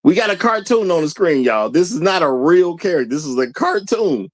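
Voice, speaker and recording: Lively, laughing male stream host. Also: a little high, brisk. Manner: laughs often, repeats lines for emphasis; rhetorical, questions the audience. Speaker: show host. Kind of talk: casual live-stream commentary.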